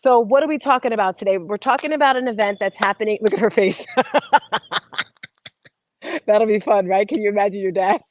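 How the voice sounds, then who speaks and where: A woman's voice: medium pitch, a little fast, long pauses, no room sound, low-quality recording. Chatty middle-aged woman host, dry sound. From New Jersey. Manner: chatty and emotional, laughs often, sidetracks then returns to the point. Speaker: host and youth program founder. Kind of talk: casual motivational talk show.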